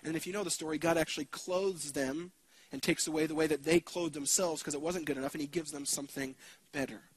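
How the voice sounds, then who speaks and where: A man delivering a sermon in a conversational, emphatic way, often asking his listeners questions. His voice is husky and slightly high, and he shifts between quick runs and slow, stretched phrases. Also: steady tone, no echo, low-quality recording. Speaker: preacher.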